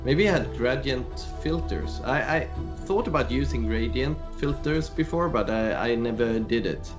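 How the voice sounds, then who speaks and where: A man's voice: medium pitch, lively intonation, normal speed. Thoughtful male co-host over music. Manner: thoughtful, technical, given to soft reactions. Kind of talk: casual chat. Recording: clear music behind.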